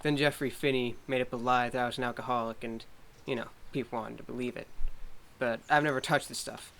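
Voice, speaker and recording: An actor playing a former newscaster who talks in a dry, matter-of-fact way. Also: male voice, mid-range voice, steady tone, a little fast, gravelly, fairly bright tone, a little hiss or hum. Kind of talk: indie comedy film acting.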